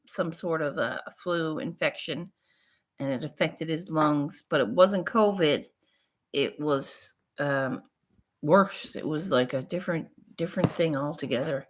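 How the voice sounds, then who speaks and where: A woman's voice: low voice, a bit bright. A woman vlogger telling a personal story in a frank, rambling, profane way. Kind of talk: casual storytelling vlog.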